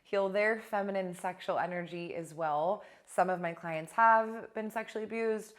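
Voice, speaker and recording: A young adult woman coach talking casually to camera in a blunt, animated way, swearing now and then. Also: mid-range voice, moderate pace. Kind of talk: casual direct-to-camera talk.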